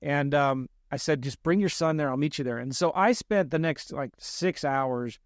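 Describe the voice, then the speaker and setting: A man with a fairly high voice tells a story on a podcast, mocking his younger self and acting out the other people's lines. The sound is dry and close, with no room echo. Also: normal speed. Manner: animated, self-deprecating storyteller who acts out quoted lines. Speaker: real estate investor guest.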